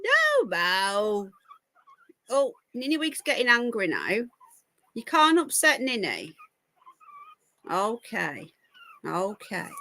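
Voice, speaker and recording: Woman on a livestream, baby-talking her pets, high and swingy voice. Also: wildly swooping pitch, slow, pauses often, pushed and bright, slight background noise. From United Kingdom. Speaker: livestream host. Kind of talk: casual live-stream chat with pets.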